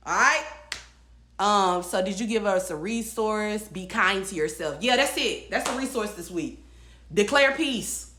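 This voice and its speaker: In an echoey room, a woman hosts her weekly livestream, offering encouragement in a casual, emphatic style, repeating phrases and answering viewers' comments. Her medium-pitched voice is expressive, bright and forceful, at a moderate pace.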